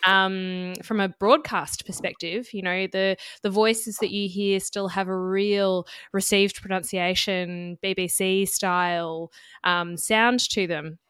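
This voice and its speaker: Curious woman host with a smooth voice. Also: mid-range voice, fairly even intonation, slow pace, fairly bright tone, dry recording. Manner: curious, chatty questioning. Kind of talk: conversational interview.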